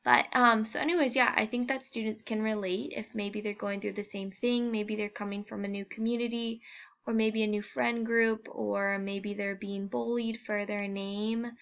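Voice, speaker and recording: A woman's voice: medium pitch, creaky, a bit bright. A young woman giving a casual class presentation, informal, with many fillers and restarts. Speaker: education student presenting. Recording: dull lo-fi home recording.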